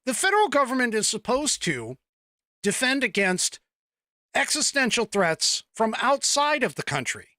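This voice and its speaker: A man hosts a casual live-streamed political show. His voice sits a bit high and sounds bright and forceful, close to the mic in a dry room. He rambles, stops to read the chat aloud and chuckles often. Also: no echo. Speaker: political podcast host.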